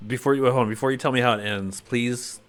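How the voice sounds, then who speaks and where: A man co-hosting a casual gaming chat, joking around and firing off quick follow-up questions. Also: mid-range voice, steady tone, a bit bright. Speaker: co-host. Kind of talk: casual chat about a video game.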